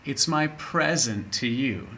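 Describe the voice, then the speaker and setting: A man voicing a very old, blind, lonely wombat in a high, plaintive storybook voice. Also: animated, slow pace, bright, forceful tone, a little hiss or hum, exaggerated voice. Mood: sad.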